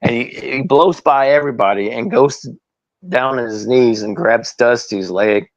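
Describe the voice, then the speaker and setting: A man guest telling stories in an interview, animated and laughing often. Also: medium pitch, measured pace, dry recording, muffled recording. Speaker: guest, former wrestler. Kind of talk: storytelling interview.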